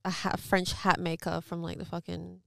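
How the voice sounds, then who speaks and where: A woman's voice: lowish voice, flat delivery, normal speed, creaky, fairly bright tone, no room sound, clean studio sound. A young woman, an actor being interviewed, chatting candidly and casually with some swearing. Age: young adult. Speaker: guest actor.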